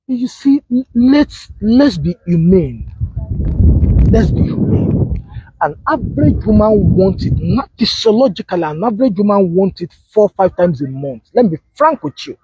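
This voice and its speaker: A man preaching a sermon on marriage, telling stories with quoted dialogue and sudden high exclamations. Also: lively intonation, moderate pace, hardly any pauses, darkish tone, husky, no room sound, muffled recording. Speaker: pastor.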